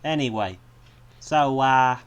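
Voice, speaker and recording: A man's voice: medium pitch, slow, clean tone. A man giving casual let's-play commentary on a game, chatty and rambling, wandering off on amused tangents. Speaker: gaming video creator.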